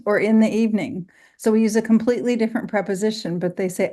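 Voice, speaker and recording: A woman's voice: mid-range voice, fairly quick, warm tone. Woman, tutor, amused, storytelling, casual, video call. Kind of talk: casual group discussion.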